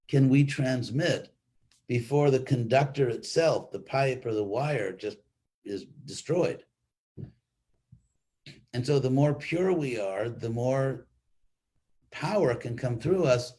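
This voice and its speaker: An older man gives a spiritual class in a husky, slightly breathy voice. He talks casually and rambles through restarts, with a dry, joking edge. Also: medium pitch, darkish tone. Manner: conversational, rambling, with restarts and wry humor. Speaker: spiritual teacher giving a class. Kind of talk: informal sermon with storytelling. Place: online class stream.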